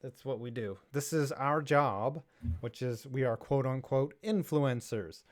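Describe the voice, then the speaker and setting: A man's voice: medium pitch, a little slow. A young man co-hosting a sports podcast, casual and sarcastic, reading viewer messages aloud. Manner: jokey, sarcastic, reads viewer chats aloud. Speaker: podcast co-host.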